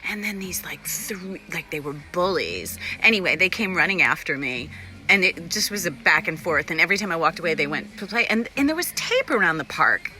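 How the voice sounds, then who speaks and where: Brief: woman vlogger, lively pitch, bright forceful tone, rambling live-stream chat from home, faint music behind. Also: brisk. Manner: chatty, rambling, animated, greets viewers by name. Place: at home, in a room with a window.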